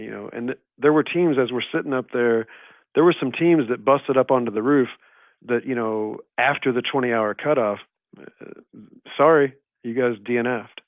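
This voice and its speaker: A man's voice: medium pitch, smooth, no echo. Man, casual podcast chat, rambling storyteller, filler-heavy, tinny phone-like sound. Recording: tinny phone-like line, dry.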